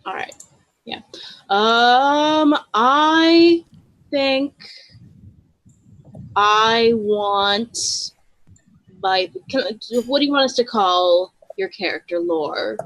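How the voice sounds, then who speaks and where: A woman running a tabletop role-playing game, chatty with many ums and quick asides. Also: a little high, a bit bright, dry recording, rough recording. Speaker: game master.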